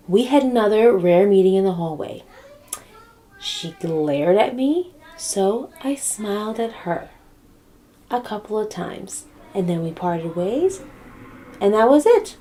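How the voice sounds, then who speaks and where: A woman telling a funny story straight to camera, with a middle-pitched voice. She talks bluntly and sassily and swears freely as she goes. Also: mellow, slight background noise. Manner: sassy, blunt, profane. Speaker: comedic storyteller.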